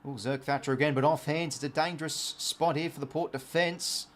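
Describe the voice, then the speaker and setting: An Australian man hosting a live watch-along, calling the play as it happens, getting excited on big plays and chatting to his viewers in between. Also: a little high, brisk, slight background noise. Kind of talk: live play-by-play commentary over a match.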